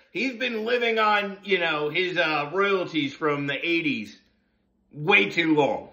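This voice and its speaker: A man's voice: on the high side, expressive, slow pace, sharp tone, muffled recording. A middle-aged man from New Jersey, hosting a casual morning monologue full of profane, sarcastic rants. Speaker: host of a morning talk session.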